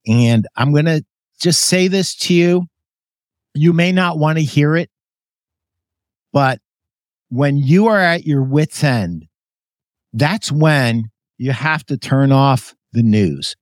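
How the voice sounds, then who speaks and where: A man's voice: medium pitch, no room sound, studio quality. A man hosting a podcast, giving an emphatic motivational pep talk to store owners that turns emotional and preachy. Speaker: podcast host.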